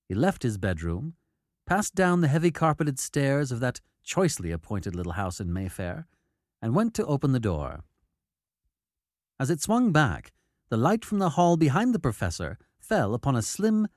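A man's voice: mid-range voice, no echo, studio quality. A man narrating a period novel as an audiobook, switching into character voices. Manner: expressive storytelling, doing character voices.

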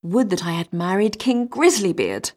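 Woman doing a spoiled princess, mocking then moaning, pitch jumps around. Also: very animated, moderate pace, darkish tone. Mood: lamenting.

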